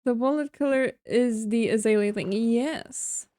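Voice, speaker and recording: A woman streamer talks through her building in an unhurried, leisurely way, musing out loud and teasing herself. Her voice sits a little high, and the sound is close and dry, with no room in it. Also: no room sound. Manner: chatty, self-mocking, thinking aloud while building. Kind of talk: casual gameplay commentary.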